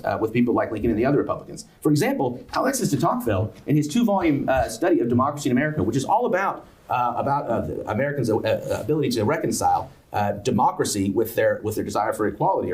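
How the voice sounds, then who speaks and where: A man giving an academic lecture, halting, with many fillers and restarts. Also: medium pitch, a little mellow. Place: lecture event.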